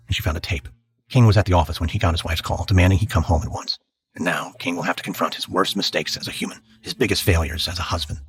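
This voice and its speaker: A man narrating a scripted history drama podcast in a measured, dramatic storytelling manner. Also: low voice.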